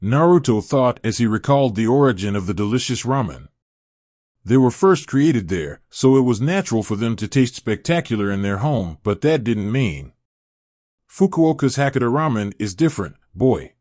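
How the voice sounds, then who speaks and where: A man's voice: medium pitch, sing-song, moderate pace, darkish tone, no echo. Man narrating fan fiction, dry sound. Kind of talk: scripted narration.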